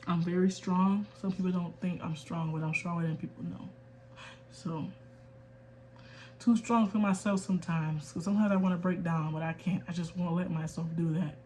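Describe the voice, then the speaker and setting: A woman's voice: fairly low pitch, steady tone, normal speed, a little hiss or hum. Young woman in a candid vlog rant. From United States. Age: 20s. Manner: quiet and restrained, holding back tears, then firm and emphatic. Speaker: vlogger. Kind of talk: candid personal rant to camera.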